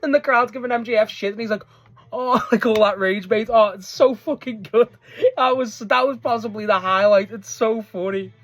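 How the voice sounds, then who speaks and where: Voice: mid-range voice, fairly quick, a bit bright, dry recording. A speaker giving a casual, rambling recap of a wrestling match. They swear freely, laugh often and restart sentences a lot. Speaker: wrestling show reviewer.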